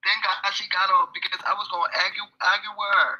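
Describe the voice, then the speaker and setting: A caller chatting casually on a live stream, swearing freely and stumbling over repeated words. The voice is very bright and husky. It comes through muffled, lo-fi phone audio. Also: medium pitch, fairly even intonation, quick pace. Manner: slangy, profane, restarts words. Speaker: call-in guest. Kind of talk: casual chat.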